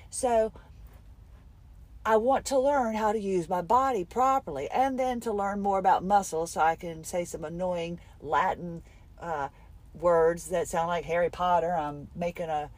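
A woman's voice: lowish voice, darkish tone. A middle-aged woman recording a candid, rambling spoken diary for her podcast from her car between appointments. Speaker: podcast host.

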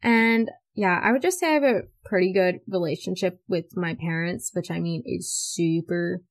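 A teenage girl hosting a casual podcast, telling stories in an animated, chatty way full of "like" fillers. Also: fairly low pitch, normal speed. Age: teens. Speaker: podcast host. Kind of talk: casual chat.

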